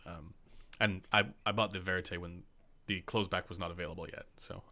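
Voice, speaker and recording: Canadian guy hosting a stream, low gravelly voice, laughs a lot, lots of ums. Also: steady tone, a little fast, pushed and bright. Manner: chatty, laughs often, many fillers. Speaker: podcast host. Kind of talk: casual live-stream chat.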